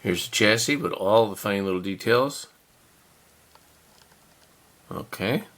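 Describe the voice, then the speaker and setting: A man's voice: lowish voice, slow, fairly bright tone. A man casually narrating a model car kit unboxing, chatty and rambling, with self-deprecating chuckles.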